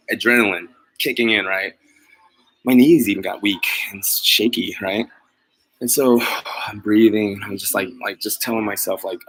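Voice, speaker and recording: He's a mobile pet groomer vlogger whose voice is on the low side, fairly bright, and edged with breathiness. Talking casually to his live viewers, he rambles, jokes at his own expense, laughs often, and restarts sentences with many fillers. The recording quality is low.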